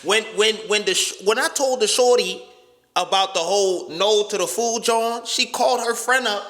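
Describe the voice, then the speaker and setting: A young man tells a story as a podcast host, loud and profane, acting out each person in turn. His voice sits high and comes out sharp and forceful. It rings with a long reverb, as if in a big room. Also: moderate pace. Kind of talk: animated storytelling rant.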